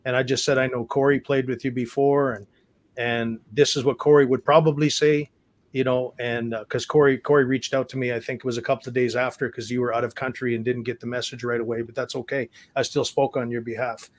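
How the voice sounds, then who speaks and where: A man from Saskatchewan, a guest musician telling stories in a casual interview, earnest and halting, often restarting and repeating words. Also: mid-range voice, little pitch movement. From Saskatchewan, Canada.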